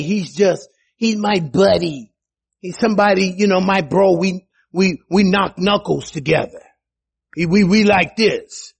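A man delivers a sermon with a high, lively voice that swings up and down for emphasis. He talks at an unhurried pace with a slightly husky edge, and turns to his listeners with casual asides. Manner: animated, rises high for emphasis and quoted voices; conversational, with restarts and asides to the congregation. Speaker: preacher.

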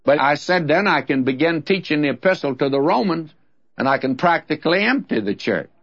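A man's voice: fairly high pitch, lively intonation, fairly quick, a bit bright, husky. A man teaching the Bible on a radio program, talking in a folksy, plainspoken and conversational way. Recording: dull lo-fi radio recording.

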